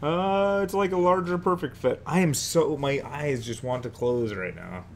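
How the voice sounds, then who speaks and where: A man's voice: on the high side, moderate pace, a little hiss or hum. A man from North Carolina commentating a card game stream, bantering and joking with his co-host. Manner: joking, laughs often, playful banter. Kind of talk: casual chat between matches.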